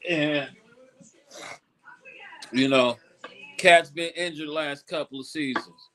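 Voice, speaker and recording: A middle-aged man, ranting about football on a casual talk show, swinging between low grumbles and loud, high outbursts. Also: slow pace, pauses often, rough recording. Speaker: show co-host. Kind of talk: casual sports rant.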